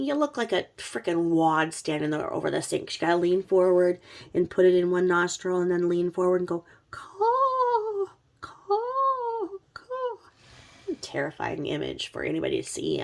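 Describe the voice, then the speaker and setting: Woman host, low and gravelly, sick with covid; casual, blunt, sweary commentary. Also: darkish tone. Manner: chatty, blunt, swears freely. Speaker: true crime commentary host.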